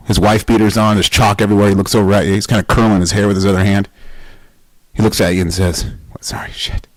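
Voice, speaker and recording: A man's voice: on the low side, little pitch movement, fast talker, no echo, rough recording. A man hosting a weightlifting podcast in a casual, motivational monologue. He is emphatic and blunt, swears, and fires off rhetorical questions.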